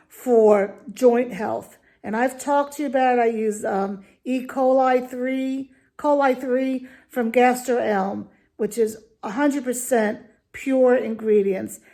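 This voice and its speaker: Indignant woman with a high voice. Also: darkish tone. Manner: indignant, emphatic, ranting. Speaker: dog food reviewer. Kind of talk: opinionated video review.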